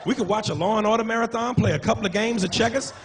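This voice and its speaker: Brash high-voiced male stand-up comic. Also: rapid-fire, a little hiss or hum. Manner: brash and profane, shouting impressions mid-story. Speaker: stand-up comedian. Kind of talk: stand-up comedy set. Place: comedy club stage.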